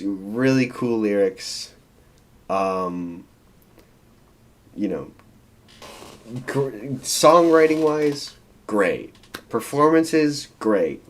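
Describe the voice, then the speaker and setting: A man hosting a casual album reaction, blunt and profane, laughing at his own rants. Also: fairly low pitch. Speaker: music reaction host.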